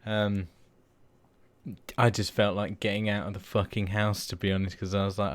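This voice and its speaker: A man in his thirties with a fairly low voice co-hosts a podcast. He rambles through his week in a relaxed way, swearing freely and laughing often. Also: normal speed. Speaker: podcast co-host. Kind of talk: casual chat.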